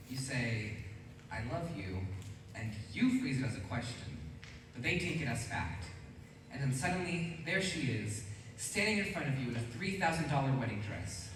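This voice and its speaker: A man's voice: medium pitch, a bit bright. A teenage boy on stage playing a lonely, wistful musical-theatre fan who confides rueful asides to the audience. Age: teens. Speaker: stage actor. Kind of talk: live stage musical acting. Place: large school auditorium stage. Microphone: distant stage recording. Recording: echoey hall from far off, audience noise.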